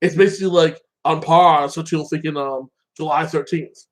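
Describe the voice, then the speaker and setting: A man's voice: on the high side, normal speed, poor audio. A man casually recapping and reviewing a show episode, rambling with lots of fillers and acting out the characters' lines.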